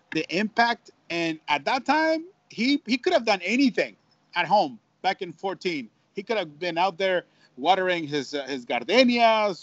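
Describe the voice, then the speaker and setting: A man with a notably high voice tells a story in an animated way, repeating words and mixing in Spanish. The sound is dry and somewhat dull. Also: dry recording. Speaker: baseball broadcaster, guest. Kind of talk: storytelling in an interview. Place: at home.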